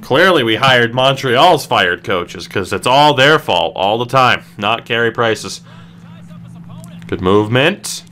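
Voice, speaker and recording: A man calls his own hockey video game in lively play-by-play, his voice bright and sharp with wide swings in pitch. He drags his words out slowly and leans on each call, from despairing groans up to sudden shouts. A faint hum sits under the recording. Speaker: gaming streamer. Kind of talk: excited play-by-play commentary.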